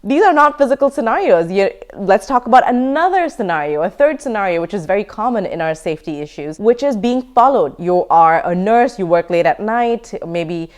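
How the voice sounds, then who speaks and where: Emphatic woman self-defense teacher, lively pitch. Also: brisk, few pauses. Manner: emphatic, energetic, laughs now and then. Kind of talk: online course lecture.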